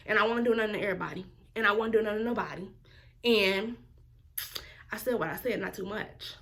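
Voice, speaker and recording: A woman's voice: medium pitch, a bit bright. A woman, telling a story in a casual vlog and mimicking other people's voices as she quotes them. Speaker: vlogger.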